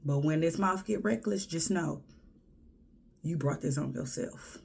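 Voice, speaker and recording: A woman's voice: deep voice, unhurried, creaky, a little mellow, breathy edge. A woman from Houston, giving blunt, sassy advice in a casual monologue and often dropping to a whisper. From Houston, Texas. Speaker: vlogger.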